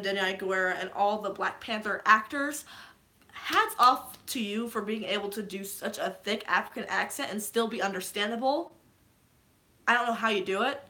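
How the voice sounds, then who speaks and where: A woman's voice: a little high, bright, forceful tone. A woman vlogger casually recapping a movie, rambling and gushing, with lots of fillers.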